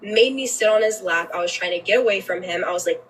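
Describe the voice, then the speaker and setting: A woman's voice: mid-range voice, fairly quick, hardly any pauses, breathy edge, distant mic, low-quality recording. A woman telling a personal story on a livestream, emotional and candid, swearing freely and often restarting her sentences.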